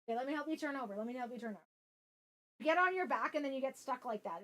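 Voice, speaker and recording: Woman streamer, bright high voice, casual excitable chatter, doting pet talk. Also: very fast. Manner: chatty and excitable, reacting out loud; soft doting baby talk to her pet. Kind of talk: casual live-stream chat while gaming.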